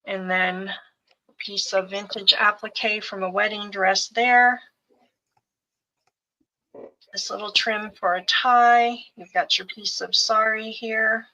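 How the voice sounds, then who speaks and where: Slow, bright-voiced woman selling craft kits. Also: medium pitch, steady tone, highs cut off. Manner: gentle, fond, lists items piece by piece. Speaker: co-host showing craft kits for sale. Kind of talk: live sales show, describing fabric bundles.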